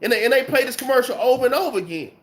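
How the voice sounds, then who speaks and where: A man with a very high-pitched, fairly bright voice races through a casual scripture lesson with lively intonation. This Bible class teacher is emphatic and slangy, still recovering from a cold and coughing.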